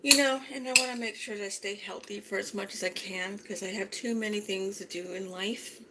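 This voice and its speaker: A woman's voice: mid-range voice, fairly even intonation, a little fast, very noisy. A woman vlogger chatting casually as she eats breakfast at home, often humming "mm" between her words. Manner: chatty, savoring food aloud with frequent mm sounds. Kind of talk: casual chat while eating.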